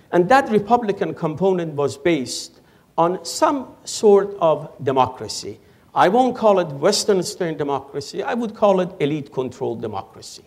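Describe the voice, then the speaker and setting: A man, an Iran expert answering on a panel in a lecture hall in a measured, lecturing way. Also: fairly high pitch, a little mellow. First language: Persian. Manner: measured, lecturing, dry humor. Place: auditorium with audience.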